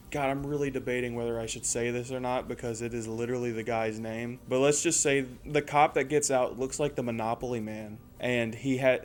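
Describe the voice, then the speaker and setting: A man in his twenties telling a casual, profane story with lots of energy. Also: mid-range voice. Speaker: storyteller host.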